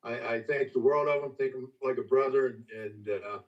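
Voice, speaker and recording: An older man telling stories as a master distiller guest in a casual, folksy, halting way. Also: mid-range voice. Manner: folksy, halting, with many restarts. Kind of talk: casual storytelling. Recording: distant, dull lo-fi call audio.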